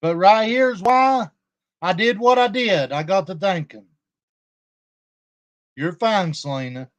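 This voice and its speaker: Aggrieved high-voiced man streaming live. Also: expressive, slow, highs cut off. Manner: aggrieved, confrontational, talks straight to his audience. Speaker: YouTube livestreamer. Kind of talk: casual livestream talk to viewers.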